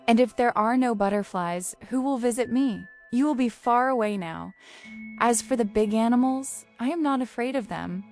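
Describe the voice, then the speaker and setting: A woman's voice: a little high, moderate pace, darkish tone, soft background music, natural voice. A woman voicing a proud, stubborn flower. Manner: haughty yet tender, hiding sadness.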